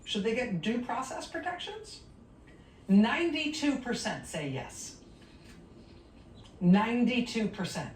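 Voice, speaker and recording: A woman news host runs through poll results with an animated, swinging delivery and sardonic asides. The sound is roomy and a little distant, with a faint rumble underneath. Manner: wry, sardonic asides between rapid-fire questions. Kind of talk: cable news commentary reading poll results.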